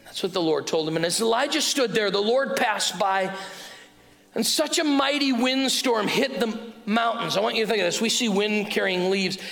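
A middle-aged man preaching a sermon on a mic, calling out to the congregation and swinging from loud to hushed. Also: sits high, moderate pace, vocal fry. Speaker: pastor. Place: church hall. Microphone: wearing a mic. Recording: sermon in a hall with music.

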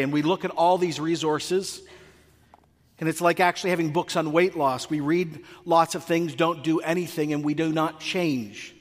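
Pastor guy preaching, lively, acts out funny bits, highish voice, hall echo. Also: moderate pace. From North America. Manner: animated, acts out comic dialogue. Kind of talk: sermon.

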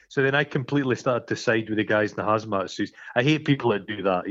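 A man's voice: mid-range voice, fairly bright tone. Sweary man, dull lo-fi sound. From Scotland. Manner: sweary, jokey, acts out scenes in quick impressions. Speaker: podcast co-host. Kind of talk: casual film-review chat.

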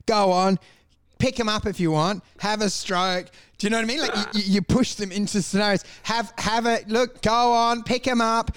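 A man with a notably high voice talks in loose, crude comedic banter. He rambles and swears freely as he spins out absurd scenarios, with plenty of "do you know what I mean" asides. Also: steady tone, a little fast, a bit bright, clear, resonant tone. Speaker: podcast co-host.

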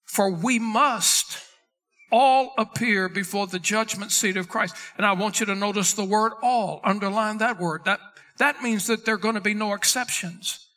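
In an emphatic sermon, a middle-aged male pastor slows down to read scripture aloud, stretching key words and punching single ones for weight. His voice is high for a man, with a bright, forceful tone.

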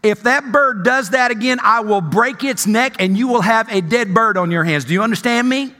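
An indignant, scolding woman, as a preacher puts her on, her voice up high and bright. She threatens sharply, with a long reverb trailing off the church walls. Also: normal speed. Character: offended middle-aged woman, furious and threatening.

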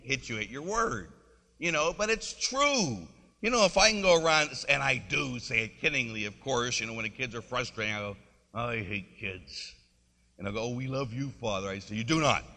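A man's voice: mid-range voice, sharp tone, in a large hall. A man, a Catholic priest, preaching a conversational sermon and leading his congregation to repeat a phrase. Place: church.

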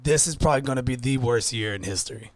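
A man with a rough, sandpapery voice, chatting casually as a podcast co-host and laughing often. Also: medium pitch, fast. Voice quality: gravelly, sandpaper voice. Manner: laughs often, animated storytelling. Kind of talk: casual chat.

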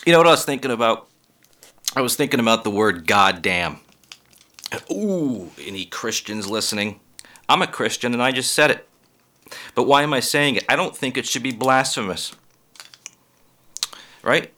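A man's voice: mid-range voice, animated, normal speed, pauses often, bright, forceful tone. A man comedian delivering a rambling, profane comedic monologue and laughing at his own jokes.

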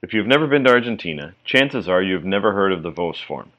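A man reading a language-learning article aloud in a measured way, slowing down to spell out example words. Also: low voice, lively intonation, a bit bright, lo-fi sound.

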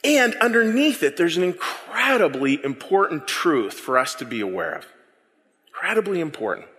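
Animated man preaching in a reverberant hall. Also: fairly high pitch, normal speed. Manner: animated, repeats words when excited. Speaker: pastor. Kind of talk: sermon.

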